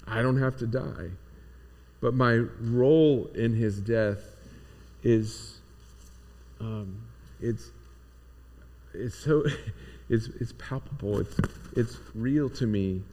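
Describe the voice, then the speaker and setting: Man, pastor, sermon, low voice, very slow delivery, earnest and reflective. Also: warm tone.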